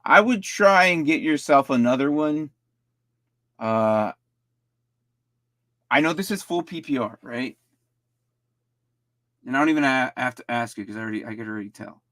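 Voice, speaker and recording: A man's voice: mid-range voice, fairly bright tone, no echo. A man casually reviewing fantasy football rosters on a live stream, rambling and often stumbling over and repeating his words.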